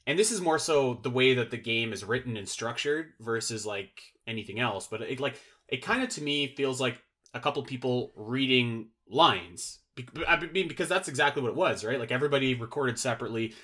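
A man's voice: mid-range voice, expressive, a little fast, a bit bright. A man chatting casually as a podcast guest, rambling and filling his sentences with "like" and restarts. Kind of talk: casual chat.

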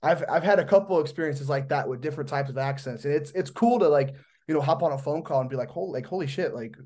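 Man, from Indiana, podcast host, casual rambling questions, rapid, a touch high. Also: warm tone. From Indiana, US Midwest. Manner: rambling, loose questions full of fillers. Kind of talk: casual interview chat.

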